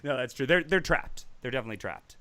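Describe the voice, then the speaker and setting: A man's voice: medium pitch, quick pace. A man hosting a casual live-streamed movie talk show, rambling and laughing as he talks. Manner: animated, laughing, rambling with restarts.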